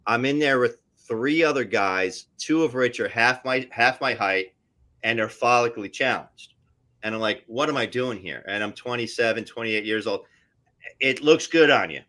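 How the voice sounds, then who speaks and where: Pewny siebie mężczyzna, barwny gawędziarz. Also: male voice, mid-range voice, moderate pace. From New Jersey area. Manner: animated, tells stories with voices and asides. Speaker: actor guest. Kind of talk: casual storytelling on a live stream.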